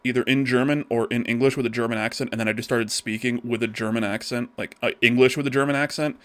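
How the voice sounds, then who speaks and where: A man's voice: medium pitch, fairly even intonation, fast talker, fairly bright tone, dry recording. Casual rambling man on a dry mic. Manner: rambling, restarts, swears casually. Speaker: podcast co-host. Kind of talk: casual chat on a live stream.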